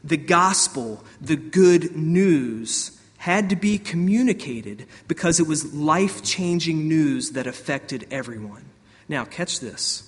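A man preaching a sermon as pastor, animated, swinging between loud outbursts and soft asides. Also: fairly high pitch, slow, in a large hall.

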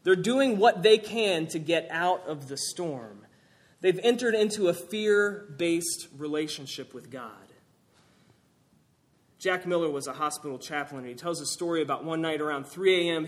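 Animated preaching man, fairly high voice. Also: moderate pace. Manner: animated preaching, rising for emphasis and dropping to quiet asides. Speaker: pastor. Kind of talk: sermon.

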